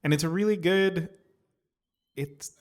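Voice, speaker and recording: A man's voice: high voice, a little slow. A man co-hosting a podcast in a studio, chatting casually and searching for words. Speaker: podcast co-host. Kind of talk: casual chat.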